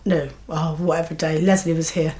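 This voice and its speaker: A woman co-hosting a casual podcast chat, frank and jokey with quick agreeing replies. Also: low voice, level tone, warm tone. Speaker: podcast co-host, artist.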